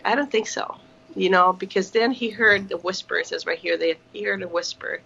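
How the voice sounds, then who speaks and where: A woman's voice: medium pitch, a little fast, creaky, sharp tone, slightly rough. A woman speaking earnestly over a video call from her kitchen, with many fillers and restarts. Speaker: ministry partner. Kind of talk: casual video call chat. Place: home kitchen. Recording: dull lo-fi call audio.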